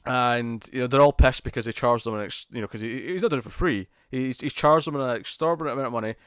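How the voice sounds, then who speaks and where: A man co-hosting a podcast in casual chat, animated and laughing often, restarting sentences as he recaps TV episodes. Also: mid-range voice, fast, clean tone, dry recording, clean studio sound. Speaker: podcast co-host.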